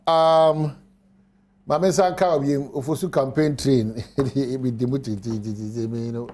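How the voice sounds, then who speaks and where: A man's voice: medium pitch, steady tone, moderate pace, darkish tone, soft background music. A man hosting a TV morning show, interjecting and sending playful greetings. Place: TV studio.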